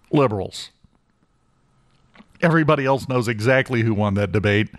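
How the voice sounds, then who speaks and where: A man's voice: medium pitch, no echo. A man hosting a talk radio show in a studio, delivering a blunt, sarcastic opinion monologue with emphatic repetition.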